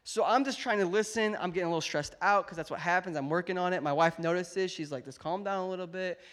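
A man in his thirties preaching a sermon, telling a family story and building to a loud, emphatic climax. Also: high-pitched, quick pace. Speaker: pastor.

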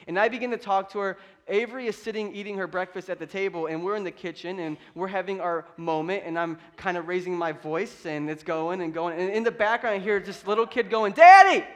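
A man in his thirties preaching a conversational sermon with humor, building to loud, emphatic peaks. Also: high-pitched. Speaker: pastor.

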